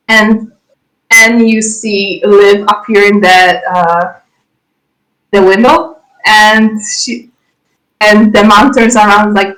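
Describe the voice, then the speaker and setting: A woman narrating a role-play scene as game master, casual and halting. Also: mid-range voice, steady tone, fairly bright tone, rough recording.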